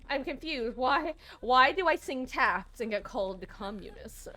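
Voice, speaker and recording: A woman's voice: sits high, lively intonation, normal speed, pushed and bright, soft background music. A young woman streaming a game, sleep-deprived and yawning, chatting in a rambling, giggly, self-deprecating way. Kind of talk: casual gaming stream chat.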